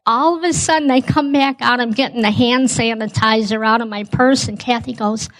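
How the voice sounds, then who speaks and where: A woman's voice: a little high, moderate pace, rough recording. A woman telling a personal story as a guest, acting out both sides of the conversation. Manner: acts out dialogue, says "I go" often.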